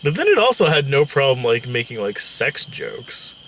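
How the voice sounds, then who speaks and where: A man's voice: medium pitch, big pitch swings, moderate pace, distant mic, background noise. A man co-hosting a casual movie review, talking in a rambling, slangy, profane way. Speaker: co-host.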